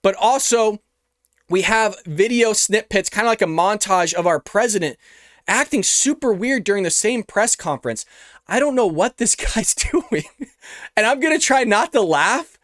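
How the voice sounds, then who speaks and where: A male show host gives opinionated reaction commentary straight into a close microphone. His voice sits high and the sound is bone dry. He keeps turning to his viewers as folks. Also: animated, normal speed, fairly bright tone, no echo. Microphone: close studio microphone.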